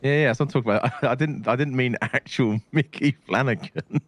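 A man's voice: medium pitch, a little fast, no echo. A man chatting casually in a role-play game, laid-back and full of "you know what I mean". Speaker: fellow role-play player.

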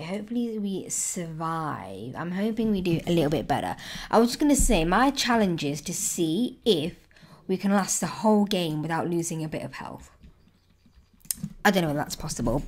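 A woman commenting on her own gameplay, exclaiming and squealing at every surprise. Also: fairly low pitch. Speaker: gaming YouTuber. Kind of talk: excited let's-play commentary.

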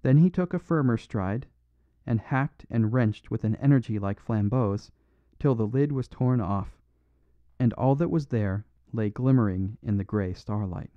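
A man narrating a classic mystery in a measured, steady way. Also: medium pitch, no echo. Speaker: audiobook narrator. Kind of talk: scripted audiobook narration. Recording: dull dry studio recording.

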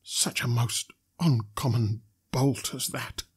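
A man voicing a simple, kindly blacksmith who talks slowly and earnestly. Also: medium pitch, a little mellow, husky. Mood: confidential. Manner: slow, earnest, homely speech. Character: simple gentle blacksmith, kindly, slow-spoken.

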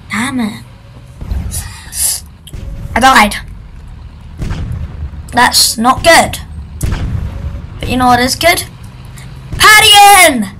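A woman's voice: a little high, pushed and bright, a little hiss or hum, low-quality recording. A woman giving casual, jokey commentary while playing a video game, chatting and shrieking at events in the game. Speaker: gaming video creator. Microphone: computer microphone.

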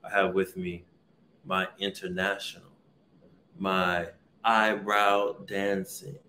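A man's voice: low voice, little pitch movement, takes it slowly, bright, forceful tone, reverberant, slight background noise. A man hosting a casual podcast, talking with an upbeat, hype-man delivery and leaning on repeated catchphrases. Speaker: podcast host. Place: vacation lodging abroad, indoors.

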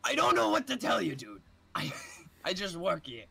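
A man voicing a bored young male store cashier who talks in a flat, dismissive way. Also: high voice, normal speed, creaky, a crowd in the background, voice pushed up, exaggerated voice.

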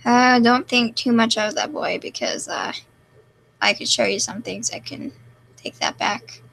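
A young woman streaming live, reading chat comments aloud and answering in a deadpan, self-mocking way. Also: on the high side, unhurried, gravelly, a little hiss or hum, poor audio.

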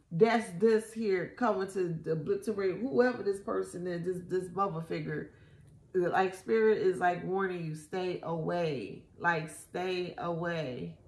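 A woman giving a casual tarot reading, animated and slangy, swearing often and repeating herself. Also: medium pitch, reverberant. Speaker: tarot reader.

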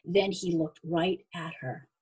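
A woman reading a children's Christmas story aloud in a calm, measured way. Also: lowish voice, breathy edge, poor audio.

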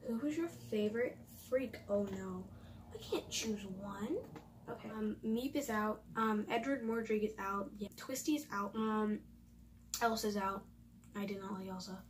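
Her voice medium-pitched and unhurried, a young woman at home reads quiz options aloud for her YouTube vlog, answering chattily while she thinks out loud. The mic is distant and there's background noise.

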